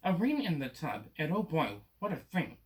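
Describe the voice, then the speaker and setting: A man reading a children's picture book aloud, often clearing his throat. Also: fairly high pitch, sing-song, moderate pace. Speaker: reader.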